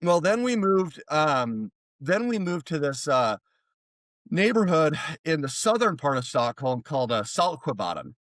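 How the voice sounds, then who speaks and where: An American man, a therapist, telling a story as a podcast guest in a rambling, animated way. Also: fairly high pitch, unhurried, dry recording. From United States. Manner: rambling, animated, many restarts. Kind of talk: casual storytelling.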